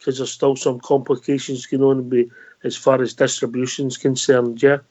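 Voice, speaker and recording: A man's voice: medium pitch, level tone, moderate pace, darkish tone. A Scottish man hosting a casual call-in show, matey and chatty with callers. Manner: matey, calls everyone mate. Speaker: host. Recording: dull lo-fi online audio.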